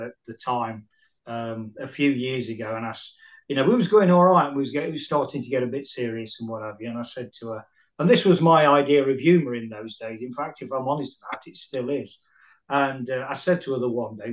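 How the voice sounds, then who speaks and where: A man's voice: mid-range voice, lo-fi sound. A man hosting a casual chat, telling rambling, self-mocking anecdotes. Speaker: podcast host.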